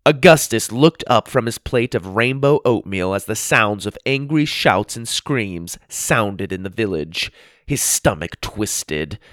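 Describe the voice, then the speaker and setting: A man narrating a children's storybook in an expressive, playful reading. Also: on the low side, measured pace, dry recording, clean studio sound.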